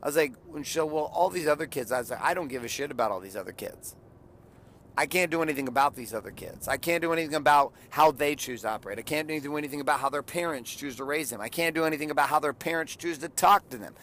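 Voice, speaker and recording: A man's voice: on the high side, fast, fairly bright tone, a little hiss or hum. A man in his forties tells a parenting story in a blunt, profane, preachy way. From California. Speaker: father and podcaster. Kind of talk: blunt motivational monologue.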